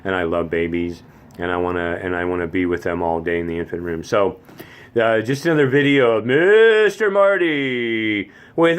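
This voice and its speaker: A man's voice: low-pitched, normal speed, smooth. Rambling man in his fifties. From Phoenix area, US. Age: 50s. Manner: rambling, many stammered restarts. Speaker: vlogger. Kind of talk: casual monologue.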